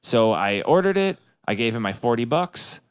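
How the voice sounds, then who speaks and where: A man's voice: mid-range voice, very animated, moderate pace, clear, resonant tone, no echo. A man hosting a casual podcast chat, easygoing and chatty, chiming in often.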